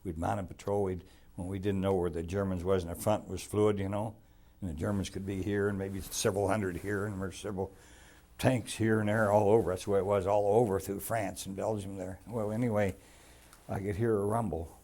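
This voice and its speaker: Older man, low husky voice, folksy rambling veteran storyteller for an oral-history interview. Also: little pitch movement, a little fast, mellow. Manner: rambling, folksy storytelling with restarts and plain grammar. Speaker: veteran telling war memories.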